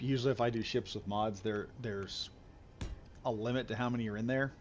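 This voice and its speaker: While live streaming a game, a man chats loosely with viewers, rambling and repeating himself. His mid-range voice moves at normal speed, and the audio sounds dull.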